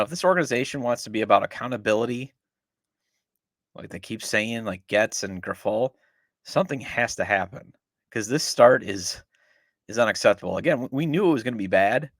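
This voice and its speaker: A middle-aged man hosting a sports podcast rants with exasperated sarcasm about his team, voicing strong opinions. His mid-range voice is animated and moves at a normal speed with long pauses, in dry, studio-quality audio without echo.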